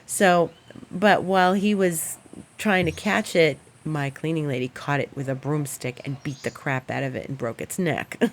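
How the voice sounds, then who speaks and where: Low-voiced chatty woman astrologer. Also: normal speed, slight background noise. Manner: animated, chatty, laughs often while telling stories. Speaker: astrologer host. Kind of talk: casual storytelling and astrology forecast.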